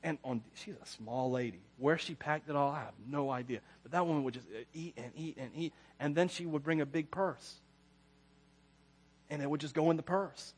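A man's voice: a little high, normal speed, breathy edge. A man preaching a casual, conversational sermon as a pastor, rambling through personal stories and chuckling often.

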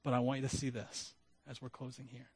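A man preaching a sermon as pastor, animated, with humorous asides and self-deprecating jokes. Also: mid-range voice, a little fast, slightly rough, dry recording. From Florida.

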